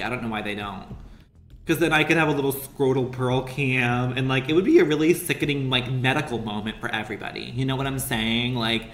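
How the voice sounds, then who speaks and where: A man's voice: mid-range voice, a bit bright. A man streaming a game, chattering to his viewers in a giggly, profane, campy way. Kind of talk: casual gaming stream chat. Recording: roomy sound with faint music.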